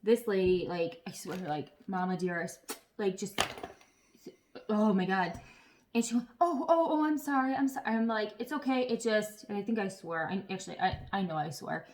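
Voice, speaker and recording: A woman chatting casually to camera as a vlogger, telling stories in an animated way with some swearing. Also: mid-range voice, normal speed.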